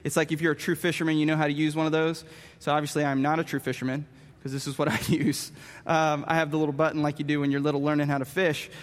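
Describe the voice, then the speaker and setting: A man telling a story with animated, self-mocking humor as part of a sermon. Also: a little high, fast talker. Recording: long reverb of a large hall.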